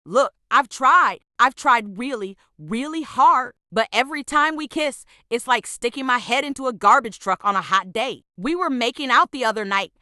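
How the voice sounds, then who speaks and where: A woman tells a scripted storytime in a bright, forceful voice pitched a little high, sounding exasperated and sarcastic. The recording is dry and close, with no room sound or echo.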